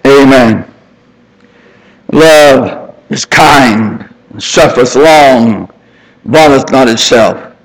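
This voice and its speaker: An older man preaching an impassioned sermon, climbing to high emphatic peaks and then dropping into soft, tender storytelling. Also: extremely slow, pauses often, low-quality recording.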